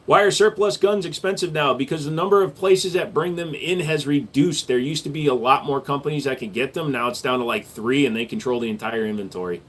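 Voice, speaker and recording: A man in the middle of his range talks casually to his live-stream viewers. His answers are blunt and matter-of-fact, and his tone stays relaxed and conversational. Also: medium pitch, a little fast, few pauses. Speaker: live stream host and gun store owner.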